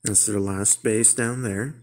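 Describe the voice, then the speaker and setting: A man's voice: lowish voice, steady tone, a little slow, heavy background noise. A man giving casual, profane gameplay commentary, rambling to himself and laughing at the game. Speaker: gameplay streamer.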